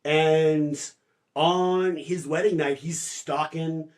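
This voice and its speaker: A man co-hosting a podcast, retelling a novel's plot in casual chat, full of "like" fillers and quick mock voices for the characters. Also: a little high, fairly even intonation. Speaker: podcast co-host. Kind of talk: casual book discussion.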